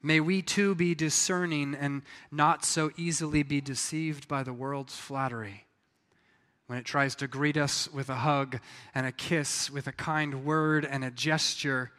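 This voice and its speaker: A pastor preaches a sermon, telling the story in a lively way and acting out the voices of its characters. His voice is a little high, and he is in a large hall.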